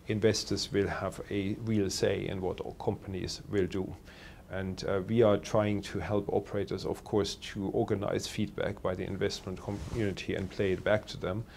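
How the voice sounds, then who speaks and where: A man working as a telecoms analyst, answering interview questions in a measured way with many pauses and fillers. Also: low-pitched, creaky, darkish tone, a little hiss or hum.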